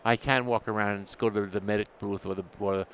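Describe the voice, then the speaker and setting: A man's voice: fairly low pitch, fast, slight background noise. An older man from New York City, a dental technology editor, telling stories in a casual interview and acting out the people he quotes. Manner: animated storyteller acting out quoted exchanges, laughs often. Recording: faint ambience at a trade show.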